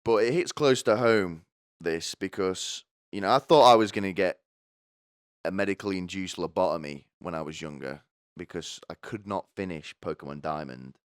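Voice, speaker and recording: Young guy, low smooth voice, dry close mic; sarcastic comedic commentator who rambles and swears. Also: moderate pace, no room sound.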